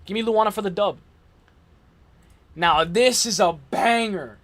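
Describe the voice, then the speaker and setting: A man hosting a casual live stream, making fight picks in slangy, excitable chat and reacting to his viewers' comments. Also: sits high, measured pace, pauses often.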